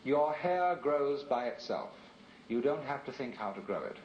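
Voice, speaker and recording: A man giving a philosophical lecture in a measured, reflective and rhetorical way. The recording is an archival lecture tape. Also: medium pitch, expressive, roomy sound, highs cut off, slight background noise.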